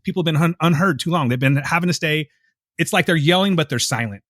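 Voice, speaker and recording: A man's voice: fairly high pitch, fast, a bit bright, no room sound, clean studio sound. A man co-hosting a podcast, talking earnestly and emotionally in casual discussion, rambling and restarting his sentences. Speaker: podcast co-host.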